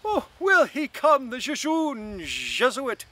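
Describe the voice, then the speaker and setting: A man reading aloud and voicing a mocking, theatrical young man who booms in a mock-preacher tone. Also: big pitch swings, slow pace, fairly bright tone, exaggerated voice. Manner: booming mock-preacher intoning.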